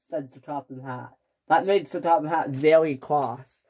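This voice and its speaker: A woman narrating a toy train story in a plain, unhurried storytelling manner. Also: deep voice, darkish tone, husky.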